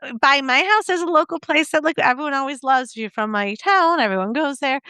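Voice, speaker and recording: A woman's voice: high-pitched, brisk, sharp tone, dry recording, clean studio sound. A middle-aged woman co-hosting a podcast, chatting with enthusiasm and laughing often. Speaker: podcast co-host. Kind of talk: casual chat.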